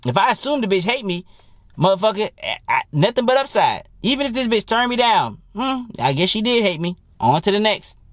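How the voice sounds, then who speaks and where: Blunt, profane young man with a lively pitch. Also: brisk, dry recording. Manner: profane, blunt and animated, mimics people he quotes. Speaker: dating coach. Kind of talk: casual monologue.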